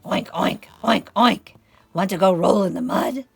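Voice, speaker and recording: A woman voicing friendly farm animals in a storybook read-aloud, with loud, high, lively calls. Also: measured pace, gravelly, a little hiss or hum. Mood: playful.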